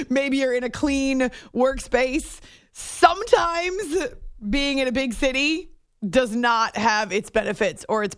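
Lady sports radio host, kinda high voice, bone-dry studio mic, chatty. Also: no room sound. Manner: chatty, animated storytelling with laughs and restarts. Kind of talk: late-night sports radio talk. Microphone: studio microphone.

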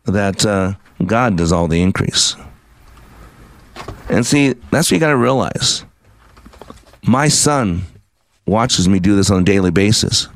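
A man telling a personal faith story in a rambling, halting way, often restarting his sentences. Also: fairly low pitch, expressive, dry recording. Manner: earnest, religious storytelling. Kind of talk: personal testimony with reading.

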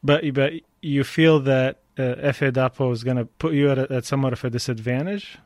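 A man's voice: mid-range voice, steady tone, a little fast, darkish tone, dry recording. A man in his thirties interviewing a guest, asking curious and probing follow-up questions. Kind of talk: casual interview conversation. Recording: dry close sound.

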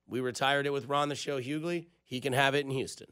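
A man's voice: medium pitch, fairly even intonation, a little fast, fairly bright tone, smooth, dry recording. A man hosting a sports radio show, casual and jokey, on a close studio mic. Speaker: radio host.

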